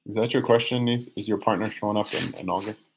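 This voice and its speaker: A man's voice: fairly low pitch, creaky, a little hiss or hum. A young man giving live tarot readings on a stream, chatty and teasing, reading viewer comments aloud, often restarting his phrases. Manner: many restarts and drawn-out phrases, sometimes sings a line. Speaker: tarot reader.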